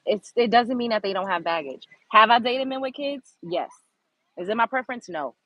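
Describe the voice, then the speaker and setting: A woman's voice: on the high side, lively intonation, normal speed, no room sound, dull audio. A woman from Brooklyn, hosting her own show and ranting bluntly and profanely at her chat. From Brooklyn, New York. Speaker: show host. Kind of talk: unscripted commentary to a live chat.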